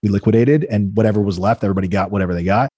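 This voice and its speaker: A man speaking fast and with a husky, slightly rough voice as a podcast guest, telling his business stories in a lively way. He acts out the people in his stories as he goes. The sound is dry and close, with almost no room. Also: on the low side, no echo. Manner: fast, animated storytelling, acting out quoted people. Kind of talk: casual storytelling interview.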